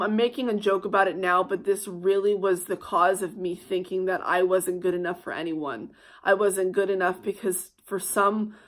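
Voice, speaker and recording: Heated young woman telling a story. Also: medium pitch. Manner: heated, swearing, swings between loud outbursts and hushed asides. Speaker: vlogger. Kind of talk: storytime vlog.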